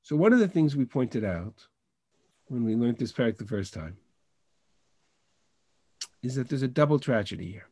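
A man's voice: mid-range voice, big pitch swings, moderate pace, pauses often, warm tone, slightly rough, no echo, studio quality. A man teaching a Bible class over a video call, reading verses in Hebrew and translating them with frequent restarts. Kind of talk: online text study lesson.

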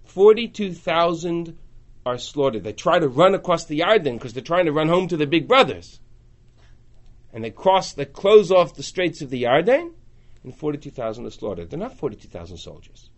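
Animated high-pitched man lecturing. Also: moderate pace. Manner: animated, acts out voices in quotes, rising and falling in loudness. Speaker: teacher. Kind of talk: lecture on a biblical book.

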